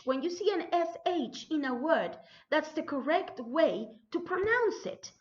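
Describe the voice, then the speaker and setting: A woman teacher, slowly and carefully enunciating spelling words and repeating them for her students. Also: high-pitched, sing-song, lo-fi sound. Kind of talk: spelling dictation lesson.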